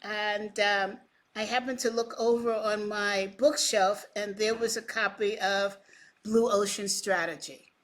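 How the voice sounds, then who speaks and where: A woman's voice: medium pitch, unhurried. A middle-aged woman in an interview, telling a story about founding a coaching association and acting out both sides of old conversations, with a dry, teasing sarcasm. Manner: animated storyteller who acts out both sides of past conversations.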